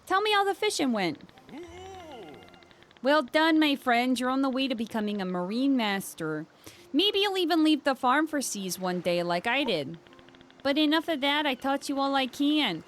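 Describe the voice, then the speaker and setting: A woman voicing an old, seafaring fishing mentor, reading game dialogue aloud with a slow, instructive, sing-song delivery. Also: high-pitched, big pitch swings, slight background noise, pitched above the performer's own voice.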